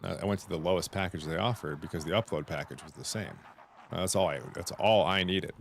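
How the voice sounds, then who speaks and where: Male streamer, low-pitched, chatty storyteller who acts out his phone calls, faint hiss behind. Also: fast, vocal fry. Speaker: Twitch streamer. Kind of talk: casual stream chat.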